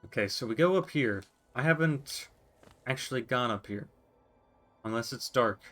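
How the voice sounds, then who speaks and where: A man's voice: mid-range voice, lively intonation, moderate pace, a bit bright, faint music behind. Man musing through a game stream. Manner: musing to himself, reading on-screen text aloud. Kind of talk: casual gameplay commentary.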